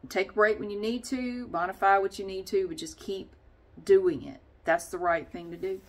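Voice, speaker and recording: A woman's voice: medium pitch, fairly even intonation, normal speed. A woman vlogger chatting casually and rambling, often laughing as she talks. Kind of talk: casual vlog chat.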